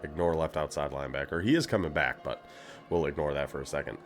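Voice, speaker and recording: A man hosting a gaming channel, chatting casually through a team breakdown in a relaxed, rambling way with asides. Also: very deep voice, quick pace, soft background music. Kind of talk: casual video game commentary.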